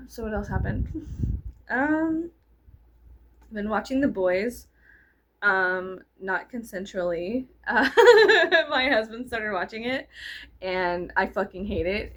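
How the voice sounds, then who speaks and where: A woman's voice: mid-range voice, a bit bright. A woman in her thirties rambling casually to camera in a vlog. She mocks herself, swears freely, giggles and drops into whispers. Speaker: vlogger. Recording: noisy home recording with clicks.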